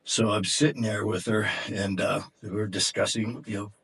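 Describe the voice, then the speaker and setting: Middle-aged man, husky low voice, intense and emotional, swears freely, podcast guest. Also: level tone, moderate pace, fairly bright tone. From Detroit area, USA. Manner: intense, profane, voice breaking with emotion. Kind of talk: emotional storytelling in conversation.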